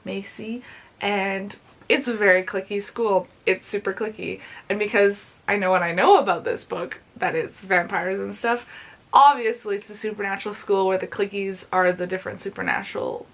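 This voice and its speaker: A woman's voice: medium pitch, animated, moderate pace, a bit bright. A young woman talking casually in a home reading vlog, gushing about a book and swearing freely. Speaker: book vlogger. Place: home bedroom.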